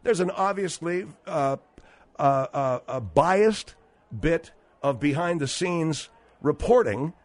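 Man, radio host, slightly high voice, dry close studio mic, hesitant talk-show delivery. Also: expressive, no echo. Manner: halting, many fillers and restarts.

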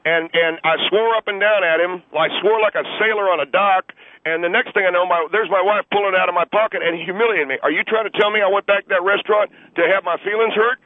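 A man's voice: high voice, fast talker, voice pushed up, lightly acted. A man putting on an aggrieved caller, tinny phone line. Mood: indignant. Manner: defensive, aggrieved, rambling with stammers. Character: indignant middle-aged man suing a chicken restaurant. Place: car on the road.

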